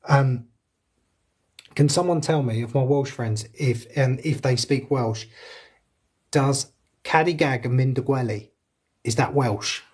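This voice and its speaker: A mellow-ish, mid-range voice belongs to a paranormal investigator broadcasting a live ghost hunt from a house's interior. He's conversational, speaking directly to both his audience and the spirits, with frequent laughter.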